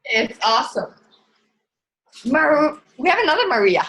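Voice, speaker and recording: A woman co-facilitating a live workshop, upbeat and quick to laugh. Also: high-pitched, slight background noise, rough recording. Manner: upbeat, lively, laughs easily. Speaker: class facilitator.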